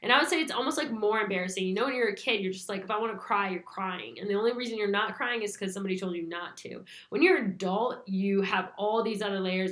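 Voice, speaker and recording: A woman's voice: medium pitch, quick pace, hardly any pauses, a bit bright. Young female host, casual rambling monologue, filler-heavy, echoey room. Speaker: spiritual channel host.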